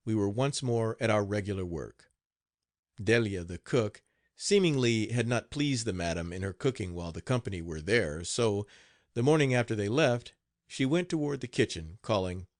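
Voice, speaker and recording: A man reading an audiobook aloud in an expressive, animated way. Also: lowish voice, dry recording, clean studio sound. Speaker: audiobook narrator. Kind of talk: scripted audiobook narration.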